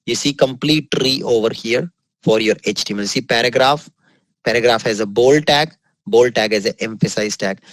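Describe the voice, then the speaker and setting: An Indian English-accented software trainer runs a screen-recorded coding tutorial in an upbeat mood, frequently exclaiming praise and slowly repeating the key points. His voice sits in the mid range, and the low-quality recording has no echo.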